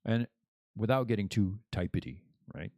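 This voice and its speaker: A man's voice: on the low side, normal speed, vocal fry, warm tone, no echo, studio quality. A man hosting a podcast as a casual live stream, rambling and joking as he chats. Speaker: podcast host.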